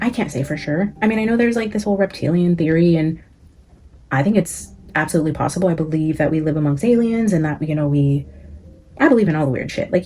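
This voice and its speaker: A woman's voice: lowish voice, dark tone, slight background noise. A woman hosting her psychic channel, venting to her viewers in casual, profane commentary, full of "like" and "guys". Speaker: psychic vlogger, channel host.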